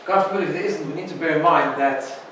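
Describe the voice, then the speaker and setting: A man's voice: fairly high pitch, fast, fairly bright tone, heavy reverb, far from the mic, a little hiss or hum, rough recording. A man teaching an informal Torah class as a rabbi, chatty and often checking in with "right?". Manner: chatty, keeps asking "right?".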